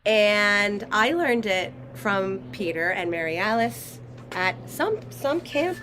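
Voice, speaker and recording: A woman guest singer speaks at a middle pitch, friendly and relaxed with light fillers. A faint background noise sits under her voice. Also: slow pace. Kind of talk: casual chat.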